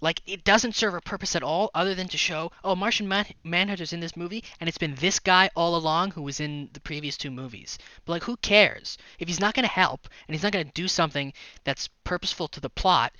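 Ranting man, bright dry voice. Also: on the high side, a little fast, few pauses, no echo. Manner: ranting, exasperated, profane. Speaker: podcast co-host. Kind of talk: casual movie review chat.

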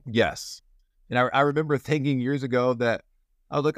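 A man's voice: mid-range voice, steady tone, moderate pace, dry recording, clean studio sound. A man hosting a casual interview, rambling and playful with lots of restarts. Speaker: podcast host. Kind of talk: casual conversation.

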